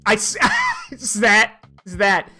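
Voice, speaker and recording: A woman streaming a game, reading its dialogue aloud and reacting with excitable, profane commentary over faint game music. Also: mid-range voice, slow. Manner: excitable, swears and laughs, comments freely.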